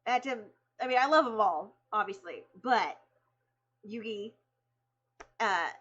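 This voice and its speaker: A woman streamer excitedly telling a story in casual chat, laughing, swearing and acting out the people she quotes. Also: mid-range voice, a little slow, slightly rough, dull audio.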